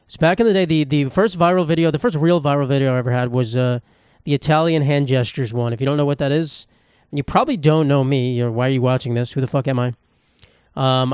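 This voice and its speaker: A man's voice: fairly high pitch, a little mellow, smooth, no room sound, studio quality. A young man in his twenties with a New Jersey accent, hosting a casual solo podcast, rambling and swearing as he mocks himself. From United States. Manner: rambling, profane, self-mocking. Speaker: podcast host.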